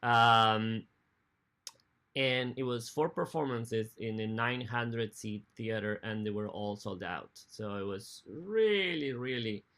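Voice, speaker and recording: A man's voice: medium pitch, slow, a bit bright. Man, hesitant lecture. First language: Spanish. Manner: hesitant, restarts phrases, non-native grammar. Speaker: opera conductor giving a library talk. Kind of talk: informal lecture.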